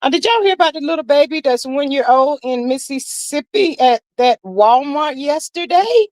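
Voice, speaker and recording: A chatty woman hosts a casual livestream, greeting viewers by name in lively slang. Her voice sits a little high, and the sound is close and dry, with no room around it. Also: moderate pace, no echo, rough recording. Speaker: livestream host. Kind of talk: casual livestream chat, reading comments aloud.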